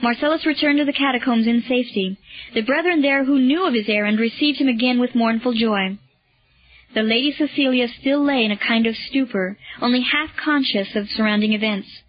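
A woman narrating a historical story in a measured, solemn reading. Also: a little high, no room sound. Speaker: audiobook narrator. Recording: dull lo-fi recording.

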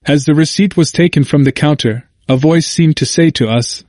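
A man reading a historical book aloud in a measured, even narration. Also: on the high side, dry recording, clean studio sound. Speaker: audiobook reader.

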